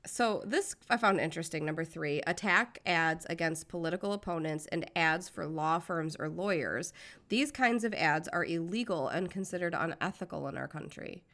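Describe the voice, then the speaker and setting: A woman's voice: low-pitched, normal speed, a bit bright. A woman co-hosting a podcast in casual chat, swearing freely and often trailing off mid-sentence, recorded in a small booth. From United States. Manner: swears a lot, trails off and restarts. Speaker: podcast co-host.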